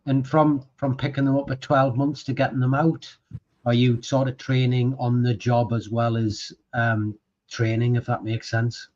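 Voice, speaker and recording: A man asks short, direct, practical questions. His voice comes through a dull, lo-fi connection that cuts off the highs. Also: level tone, moderate pace, a little mellow. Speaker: co-host. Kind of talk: casual conversational interview.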